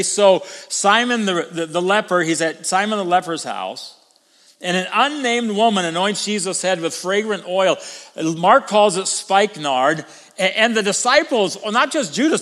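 A man preaching a sermon as pastor, emphatic, swinging between loud declarations and hushed asides. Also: high-pitched, in a large hall.

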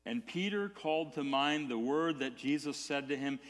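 A man's voice: medium pitch, moderate pace, few pauses. A male pastor preaching an earnest sermon, with stammered restarts that swell into emphatic peaks. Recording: long hall reverb.

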